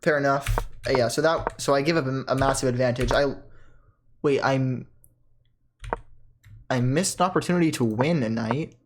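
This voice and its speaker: A chess player giving casual commentary on their own game at home, thinking aloud with quick self-corrections and bursts of excitement. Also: mid-range voice, background noise.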